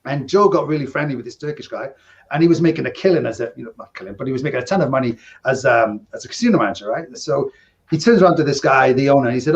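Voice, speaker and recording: A man's voice: medium pitch, fast talker, muffled recording. A man co-hosting a podcast, telling rambling casino anecdotes in casual chat, often checking in with "right?". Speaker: podcast co-host, former casino dealer.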